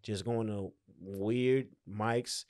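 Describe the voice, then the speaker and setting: A man's voice: fairly low pitch, steady tone, drawn-out words, darkish tone, no echo, studio quality. A man who is a comedian, chatting casually on a podcast, joking, loose and swearing freely. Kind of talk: casual chat.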